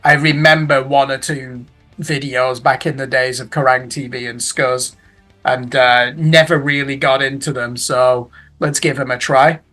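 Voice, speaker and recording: A man's voice: mid-range voice, steady tone, a little slow, pushed and bright, soft background music. A middle-aged man giving a casual roundup of new albums in a chatty way, with tag questions and self-corrections. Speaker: music reviewer.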